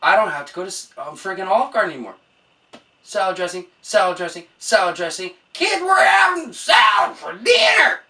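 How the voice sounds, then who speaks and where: A woman's voice: on the low side, quick pace, recorded from a distance, lightly acted. A woman mimicking an oblivious parent gushing over groceries while shopping. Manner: gushing, excitable.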